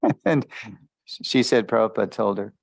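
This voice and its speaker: A spiritual teacher tells a story as a lesson, speaking loosely with lots of fillers and small chuckles. His fairly low voice has vocal fry and a moderate pace, and there's no room sound at all.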